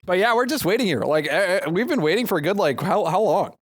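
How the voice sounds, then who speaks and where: Male esports host, high-ish, very animated delivery, dry close sound. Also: fast talker, no room sound. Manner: animated, laughs easily, excitable. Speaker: esports tournament host and caster. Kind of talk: live esports commentary and banter.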